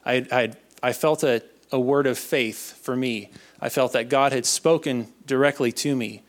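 A young man giving an earnest personal faith testimony, halting and often repeating his words. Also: medium pitch, steady tone. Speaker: speaker sharing a testimony.

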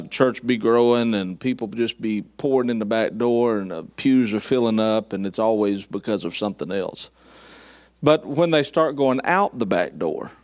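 A man's voice: medium pitch, darkish tone. A middle-aged man, preaching a sermon in a folksy, storytelling way with dry humor. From southern United States. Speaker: guest preacher.

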